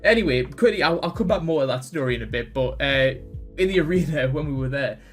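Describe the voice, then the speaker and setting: A man's voice: mid-range voice, fast talker, faint music behind. A young man with a North East England accent, co-hosting a podcast and telling a funny travel story, often laughing as he talks. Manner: animated anecdote-telling, laughs while talking. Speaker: podcast co-host. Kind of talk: casual storytelling chat.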